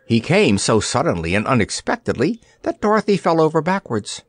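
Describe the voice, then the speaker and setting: A man narrating an audiobook in an expressive storytelling manner, on a close studio mic. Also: on the high side, a little fast, no room sound.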